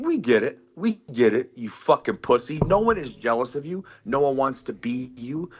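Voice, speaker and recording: Furious, swearing man on a lo-fi line. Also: medium pitch. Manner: furious, threatening, swearing constantly. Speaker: guest on a live stream. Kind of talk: angry profane rant.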